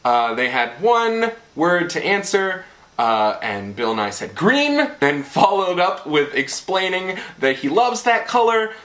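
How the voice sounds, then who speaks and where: A man's voice: high voice, sing-song, measured pace, a bit bright. A young man hosting his channel, casually recapping an event in a rambling, playful way with lots of fillers. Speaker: channel host.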